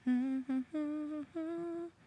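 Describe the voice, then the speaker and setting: A woman's voice: high-pitched, fairly even intonation, extremely slow, highs cut off, a little hiss or hum. Chatty Canadian-raised woman streamer. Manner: chatty, reads out chat messages and greets viewers. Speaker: music streamer. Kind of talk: casual live-stream chat with viewers. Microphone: studio microphone.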